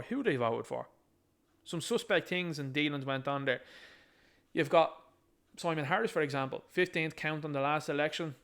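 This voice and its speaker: A man's voice: medium pitch, a bit bright, smooth. A man with an Irish accent giving a combative, sarcastic political rant, mocking what he reads aloud. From Ireland. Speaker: political commentator.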